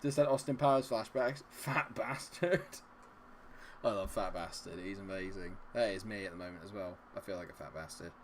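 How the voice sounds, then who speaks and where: A young adult man hosting a live gameplay stream, chatting with viewers and cheering loudly at the game. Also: deep voice, fast talker, few pauses, a little hiss or hum. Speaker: gaming livestream host. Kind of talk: live gameplay commentary and chat reading.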